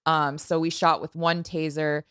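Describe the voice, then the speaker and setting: A woman's voice: low-pitched, flat delivery, unhurried, a bit bright, clear, resonant tone, no echo, studio quality. A woman guesting on a podcast as a stunt performer, explaining a shoot in a matter-of-fact way.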